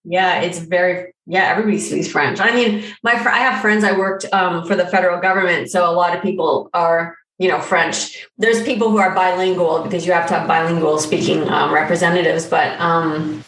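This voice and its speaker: A woman, a life coach, chatting as a guest in a relaxed way, full of fillers and quick laughs. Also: on the low side, a little hiss or hum. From Canada. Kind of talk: casual conversation. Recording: roomy echo, distant from mic.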